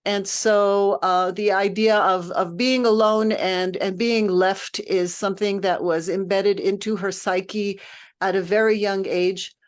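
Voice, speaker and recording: Woman, music director, informal lecture, thoughtful, patient, word-searching, medium pitch. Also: steady tone, measured pace. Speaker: music director leading a text study.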